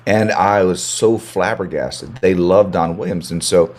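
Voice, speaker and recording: A man's voice: deep voice, unhurried, a little mellow. An American man, a country singer, chatting as a guest in an interview, rambling and repeating words as he restarts his sentences. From United States. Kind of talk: casual interview chat.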